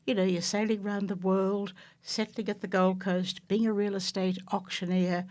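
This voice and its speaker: A woman interviewing a radio host, asking brisk, eager questions and sometimes cutting in, in a radio studio. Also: medium pitch. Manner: brisk, eager questioner who talks over and apologizes. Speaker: guest interviewer.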